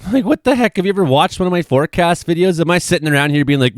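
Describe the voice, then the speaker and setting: A man giving a casual, excitable weather forecast over maps. He jokes often and swears freely. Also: on the high side, very fast, few pauses, no room sound, studio quality. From Canada. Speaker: weather vlogger.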